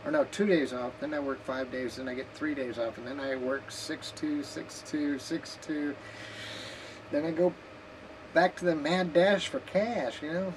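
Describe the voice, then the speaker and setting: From her home kitchen, a woman vlogs casually, rambling and joking and sometimes talking while she eats. Her voice sits low and moves at a moderate pace. It's relaxed chat, with a noisy hiss in the background.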